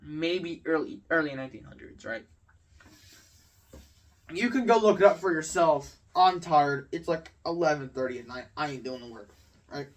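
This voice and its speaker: A man's voice: fairly high pitch, moderate pace, distant mic. A teenage boy telling a rambling, exasperated story about school in a casual rant. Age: teens. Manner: exasperated, rambling, filler-heavy. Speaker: student vlogger. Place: home at night.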